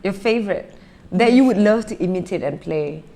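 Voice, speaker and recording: A podcast co-host chats in a casual, bubbly way and laughs often. Her voice sits at a middle pitch but moves a lot. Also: lively intonation, moderate pace, over a noisy crowd. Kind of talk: casual chat.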